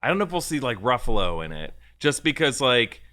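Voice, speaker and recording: Bright-voiced man co-hosting a rumor show. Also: mid-range voice, big pitch swings, fairly quick. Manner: chatty, with many fillers and restarts. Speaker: co-host of a movie rumor show. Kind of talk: casual podcast chat.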